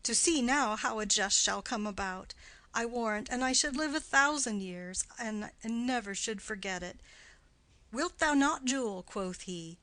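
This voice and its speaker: A woman reading the part of a garrulous, doting old nurse in an audiobook play, with her voice climbing high and loud as she rambles. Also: measured pace, no echo, rough recording. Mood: rambling.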